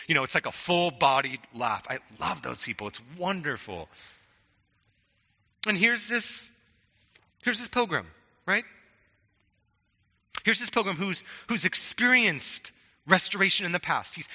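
A man's voice: a little high, big pitch swings, unhurried, gravelly, pauses often, bright, forceful tone, husky, in a large hall. A middle-aged man preaching a sermon in a conversational way, often stammering on restarts and checking in with "right?". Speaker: pastor.

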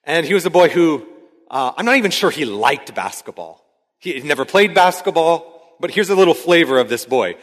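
A man in his thirties preaching a sermon as pastor, conversational and rising to shouts when he acts out a scene. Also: fairly high pitch, expressive, moderate pace. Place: church sanctuary. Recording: hall reverb from a large room.

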